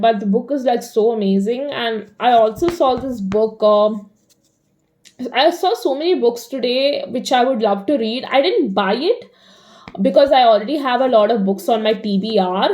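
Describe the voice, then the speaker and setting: A young woman chatting casually in a rambling diary vlog, full of fillers, swinging between animated and flat delivery. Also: fairly high pitch. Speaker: vlogger.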